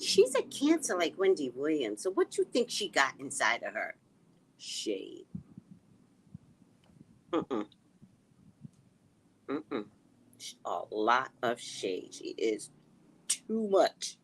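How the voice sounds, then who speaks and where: A middle-aged woman hosting a casual livestream, chatting and reading viewer comments, animated with hushed asides. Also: deep voice, unhurried, pauses often. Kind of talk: casual live chat.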